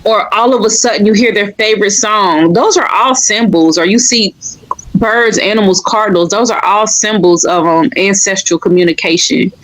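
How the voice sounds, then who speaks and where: A woman's voice: mid-range voice, moderate pace, poor audio. Earnest woman in a podcast chat. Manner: earnest, leans on "like" as a filler. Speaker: medium, podcast guest.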